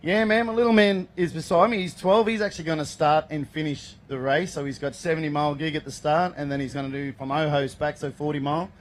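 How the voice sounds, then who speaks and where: A man's voice: a little high, fairly even intonation, fast, few pauses. A man from Queensland with an Australian accent, an off-road race driver chatting in a casual, upbeat interview at an outdoor race event. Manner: upbeat and chatty, calls people mate.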